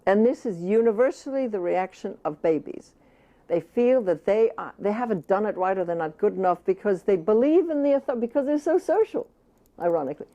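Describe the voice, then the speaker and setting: Older female author being interviewed: passionate and emphatic, with a warm, relaxed voice at a middling pitch. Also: a little fast, dull audio. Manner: impassioned, emphatic, speaks at times as the baby. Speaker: author interviewed about child care. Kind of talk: interview answers.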